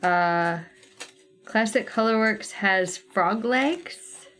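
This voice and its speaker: This cross-stitch livestream host speaks extremely slowly in a mid-range, fairly bright voice. She chats casually with viewers, thinking aloud as she sorts her thread colors.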